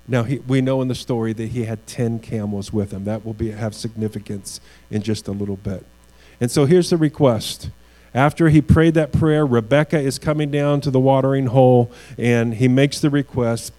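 A man preaching a sermon in a warm, mellow voice, earnest and a little halting, repeating words as he builds to key lines. A low mains hum runs under the recording. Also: low-quality recording. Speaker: pastor.

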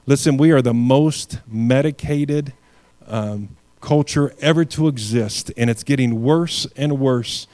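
A male pastor delivering a sermon at an ordinary pitch for a man. He presses hard on key lines, lets phrases sink low and soft, and repeats words when he restarts. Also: measured pace. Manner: earnest preaching, swings from loud emphatic lines to quiet low endings.

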